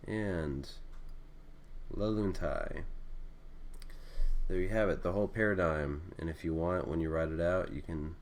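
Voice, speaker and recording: In this screen-recorded lesson, a Greek teacher speaks in a deep voice, brisk and with hardly any pauses, over a faint hiss or hum. He thinks aloud while writing, relaxed, full of fillers and self-corrections.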